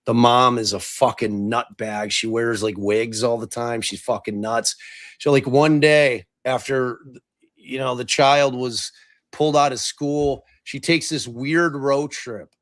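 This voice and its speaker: A man's voice: mid-range voice, steady tone, a little slow, a bit bright. Rambling, profane male podcast host. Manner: rambling, profane, many fillers and restarts. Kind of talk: casual podcast chat.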